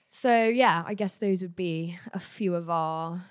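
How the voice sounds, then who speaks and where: A woman co-hosting a podcast, talking casually in a low-energy, fairly monotone way. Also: measured pace, clean tone, no room sound, studio quality. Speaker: podcast co-host. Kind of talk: casual chat.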